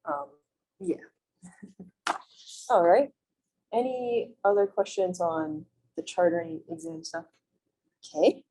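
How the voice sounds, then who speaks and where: Woman, math lecture, classroom, mellow voice, friendly, reassuring. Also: fairly low pitch, lively intonation, slow pace, long pauses, low-quality recording. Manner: friendly, reassuring, asks frequent check-in questions. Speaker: math instructor. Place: classroom, also streamed on video call.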